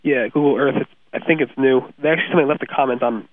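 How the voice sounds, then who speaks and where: Quick New York man on a phone line. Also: medium pitch, no echo. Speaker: podcast co-host. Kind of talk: casual news chat. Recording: dry, tinny phone-line audio.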